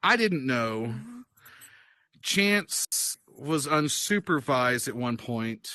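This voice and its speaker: A man casually telling a wild party story in an animated, profane way, often laughing as he goes. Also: mid-range voice, very slow, no room sound. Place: virtual-world chat session.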